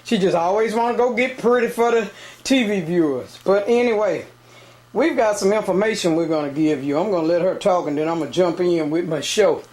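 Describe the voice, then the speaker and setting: Brief: male street-show host, high voice, breathless, chatty, calls out to viewers. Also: fairly quick, a little mellow. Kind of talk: casual on-location interview.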